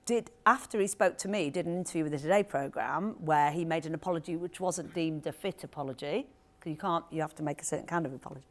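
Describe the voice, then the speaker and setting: A woman author in conversation at a live event, telling an anecdote in a lively, animated way with quick asides. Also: low voice. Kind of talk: storytelling talk at a live event. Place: event hall with audience.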